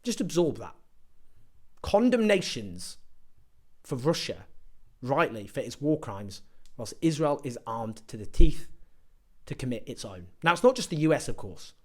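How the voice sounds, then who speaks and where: A man's voice: medium pitch, sing-song, measured pace, pauses often, a little mellow. A man from Britain delivering a sarcastic, indignant political opinion monologue to camera, full of rhetorical questions. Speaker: political commentator.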